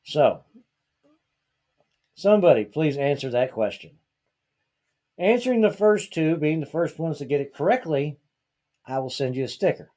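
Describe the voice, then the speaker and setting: A man's voice: fairly high pitch, expressive, normal speed, pauses often, dark tone. Heated, exasperated male podcast host. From Georgia, US. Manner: heated, exasperated ranting with rhetorical questions. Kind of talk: opinionated casual talk.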